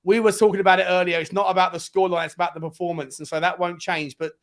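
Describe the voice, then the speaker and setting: A man hosts a fan show and calls the match live as it unfolds. He is excitable and often yells encouragement or scolding at the players. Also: high voice, very fast. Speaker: host of a football fan show. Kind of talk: live match watch-along commentary.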